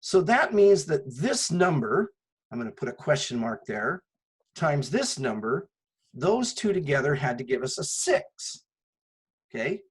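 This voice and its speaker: In a recorded classroom lecture, a male math instructor explains things step by step, patiently posing rhetorical questions before answering them. His fairly high, husky voice is very animated and unhurried, though the recording quality is low.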